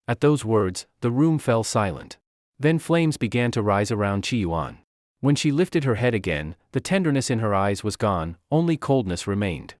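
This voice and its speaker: A man narrating a comic recap story with a dramatic, animated delivery. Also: on the low side, normal speed, no room sound, clean studio sound.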